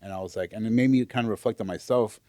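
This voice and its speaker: A man's voice: fairly low pitch, rapid-fire, mellow, dry recording. A man co-hosting a podcast in a casual, heartfelt conversation, hesitant and searching as he opens up about his own struggles. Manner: hesitant and searching, many fillers and restarts while opening up. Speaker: podcast co-host.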